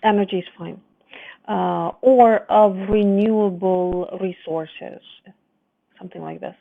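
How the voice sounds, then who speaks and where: A woman's voice: mid-range voice, slow pace, creaky, no echo. A woman tutor reads a student's essay aloud and stops often to correct and explain it. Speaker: English writing tutor. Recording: dry, narrow phone-like sound.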